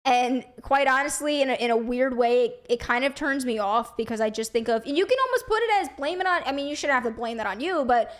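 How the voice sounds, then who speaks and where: Seorang perempuan muda dengan suara tinggi memandu obrolan santai sebagai co-host. Gaya bicaranya blak-blakan dan terus terang, sesekali menyelipkan umpatan santai. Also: female voice, sits high, lively intonation, fast talker, hardly any pauses. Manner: blunt and frank, with casual swearing. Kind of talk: casual chat.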